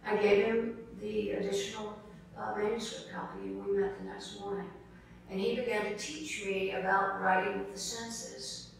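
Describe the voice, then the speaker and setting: A woman's voice: medium pitch, steady tone, normal speed, creaky, slight background noise. Woman telling a story in an echoey hall. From South Carolina, US. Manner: earnest storyteller who keeps addressing the crowd as folks. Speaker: novelist accepting an award. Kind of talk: award acceptance speech, personal storytelling. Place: large formal hall. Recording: echoey hall picked up from a distance.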